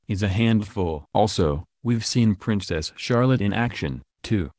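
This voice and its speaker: A man voices a scripted countdown with a snarky, gossipy edge. His voice sits a little low. The recording is dry and close, with no room sound. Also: darkish tone, no echo. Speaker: narrator.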